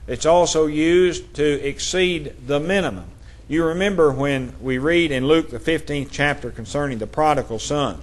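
A man preaching a sermon, reading scripture aloud and explaining it in a measured way. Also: mid-range voice.

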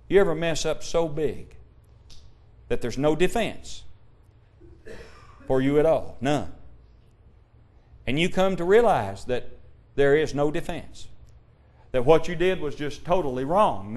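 A man preaching a sermon, asking the congregation rhetorical questions and quoting old-style scripture, shifting between loud emphasis and hushed tones. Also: fairly high pitch. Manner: King James scripture quotations.

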